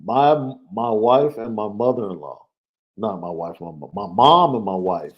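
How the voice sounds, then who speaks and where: A man co-hosting a casual sports talk show, measured, repeating his points for emphasis. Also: on the low side, lively intonation, muffled recording. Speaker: podcast co-host, recruiting analyst.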